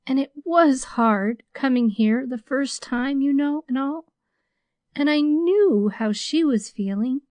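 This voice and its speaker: A woman's voice: high voice, slow, darkish tone, no echo, voice pushed up. A woman voicing an earnest teenage girl, tearful and pleading, in a storybook reading.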